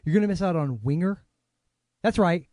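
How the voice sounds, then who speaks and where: A man's voice: sits high, lively intonation, normal speed, darkish tone, dry recording, studio quality. A man hosting a film podcast in casual chat, joking around and teasing callers. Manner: playful, breaks into joking song snippets. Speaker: podcast host.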